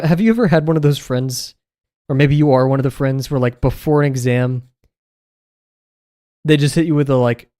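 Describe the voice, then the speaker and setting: A man's voice: medium pitch, moderate pace, long pauses, dark tone. A young man streaming as he draws, chatting casually in a rambling, amused way and often correcting himself. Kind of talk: casual chat while drawing on stream.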